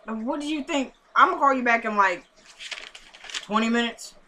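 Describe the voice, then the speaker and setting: A woman's voice: high-pitched, brisk, slight background noise. A woman recapping a TV episode in a casual, slangy vlog, speaking straight to her viewers and getting worked up at the characters. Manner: chatty, slangy, addresses viewers directly; excitable, talks back at the characters. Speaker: TV episode reviewer.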